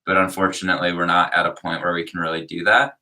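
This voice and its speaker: Young man, very low voice, bright tone, youth pastor, casual livestream chat, easygoing. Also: little pitch movement, fast talker, distant mic. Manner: easygoing, rambling with fillers.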